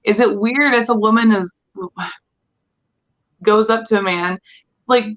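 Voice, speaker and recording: A woman's voice: a little high, measured pace, a bit bright. A woman co-hosting a casual podcast chat, candid and chatty, laughing as she talks. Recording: dull lo-fi sound.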